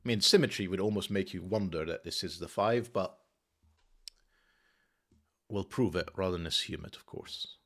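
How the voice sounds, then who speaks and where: A man hosting his own channel thinks aloud over a sudoku at a normal speed, leaving long pauses. His low voice is fairly bright, and he mutters methodically, correcting himself as he goes.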